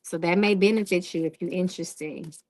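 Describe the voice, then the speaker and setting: A woman's voice: lowish voice, steady tone, brisk, a little mellow. A woman hosting a live-stream tarot reading who talks in a direct, casual way. She often checks in with "okay?" and greets viewers in the chat.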